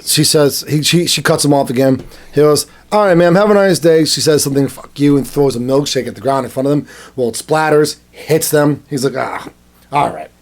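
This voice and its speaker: A man's voice: fairly even intonation, brisk. A man co-hosting a casual podcast, rambling through a story with many restarts and acting out the people in it. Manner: rambling storyteller, acts out quotes in high voices. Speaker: podcast co-host. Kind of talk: casual chat.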